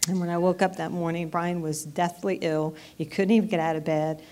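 A woman in her fifties giving a personal testimony in church, earnest and halting, with frequent restarts. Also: fairly low pitch, steady tone, a little mellow. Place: church sanctuary.

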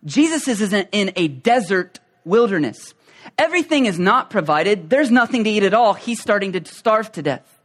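A man preaching a sermon, going from calm, conversational explanation to loud, emphatic preaching. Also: sits high, normal speed. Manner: conversational, with fillers and restarts.

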